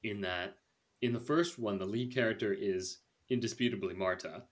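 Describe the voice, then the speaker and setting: A young man hosting a casual movie review chat, chatty and animated, laughing often. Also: fairly low pitch, normal speed. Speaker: podcast host.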